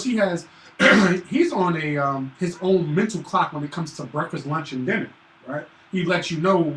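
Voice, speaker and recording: High-voiced dude ranting about his kid, cussing a lot, echoey room far from the mic. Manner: animated, profane, acts out his son's voice. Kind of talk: casual chat, storytelling. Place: room at a live stream. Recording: roomy, distant mic, faint hiss.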